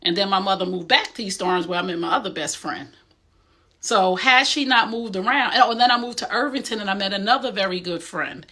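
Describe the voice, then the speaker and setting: Bright-voiced New woman, emphatic. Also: mid-range voice, a little fast. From Essex County, New Jersey. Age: middle-aged. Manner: direct and emphatic, streetwise. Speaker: host. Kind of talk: motivational talk.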